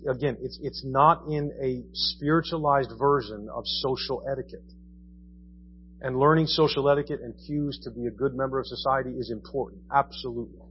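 A man's voice: medium pitch, highs cut off, slight background noise. A man preaching a sermon in a conversational style, asking his listeners question after question. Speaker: pastor. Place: church.

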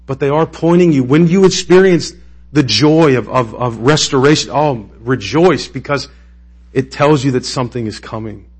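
Husky-voiced pastor preaching conversationally. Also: male voice, mid-range voice, moderate pace. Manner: conversational, emotional, rising to impassioned peaks. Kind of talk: sermon.

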